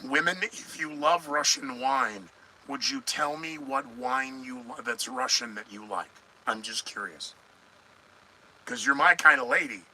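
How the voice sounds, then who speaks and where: A middle-aged man runs a live news commentary podcast in a rambling, sarcastic way, breaking off to answer his viewers. His voice has a very bright, sharp edge. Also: medium pitch, measured pace, slight background noise, low-quality recording. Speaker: podcast host.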